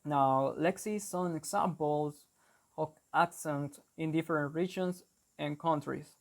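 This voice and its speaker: A young man hosting an English-learning channel, explaining a lesson carefully and deliberately, with small restarts. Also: fairly high pitch, vocal fry. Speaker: English teacher, channel host.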